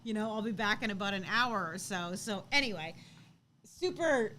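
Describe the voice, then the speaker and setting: A woman in her thirties co-hosting a casual live chat, telling a story with lively acted-out quotes and frequent laughter. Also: mid-range voice, normal speed, a little hiss or hum. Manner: animated storytelling, acts out quotes, laughs often. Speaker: co-host.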